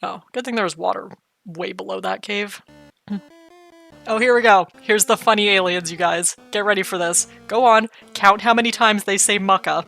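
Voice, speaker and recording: A woman's voice: medium pitch, fairly even intonation, moderate pace, vocal fry, fairly bright tone, soft background music. A woman casually commenting as she plays a video game, joking and chatting in a playful way. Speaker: let's play host.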